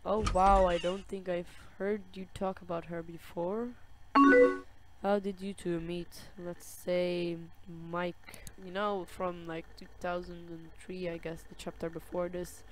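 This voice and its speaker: Gaming creator, female, lowish voice, unhurried delivery reading chat lines aloud, loud game music and typing underneath. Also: flat delivery. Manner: reads dialogue slowly, with soft sympathetic reactions. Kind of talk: let's-play commentary, reading chat messages aloud. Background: loud game music and keyboard typing.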